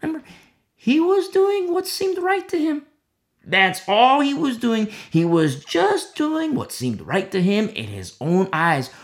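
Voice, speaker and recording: A Bible teacher working through scripture verse by verse, with a gravelly edge to the voice. The pitch swings widely as the teacher stresses and repeats key phrases, now and then dropping to a whisper. Bits of the text get acted out in quick changes of voice. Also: huge pitch swings. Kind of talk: verse-by-verse Bible study sermon.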